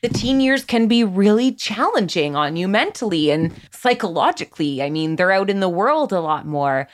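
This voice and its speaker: A woman who founded a parenting platform appears as a podcast guest in a casual conversational interview, telling parenting stories in a mid-range voice at normal speed. She's candid and animated, saying "like" often.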